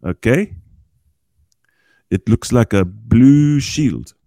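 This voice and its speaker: A man's voice: medium pitch, animated, very slow, gravelly, dark tone, dry recording. Folksy, chatty man explaining crypto. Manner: chatty, folksy, often checks in with "okay?". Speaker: cryptocurrency guest expert. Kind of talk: casual explanatory podcast talk. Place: podcast recording with a small group.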